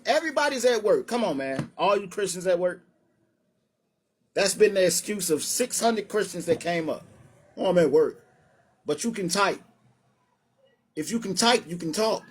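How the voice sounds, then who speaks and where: A man with a high voice hosts a live-streamed religious debate. He is brash and taunting, calls challengers up to speak and laughs at his own points.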